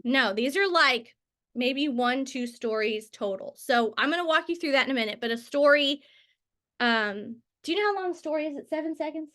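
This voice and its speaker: A woman's voice: high voice, animated, normal speed, bright, forceful tone. A woman in her thirties giving a casual training talk on selling through social media, chatty and full of tangents and filler words. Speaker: network marketing trainer.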